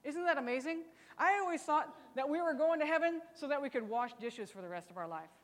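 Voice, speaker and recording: Lady teaching bible class, a bit high voice, chatty and teasing, long echo like a big hall. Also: lively intonation, brisk. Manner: chatty, teasing, asks rhetorical questions.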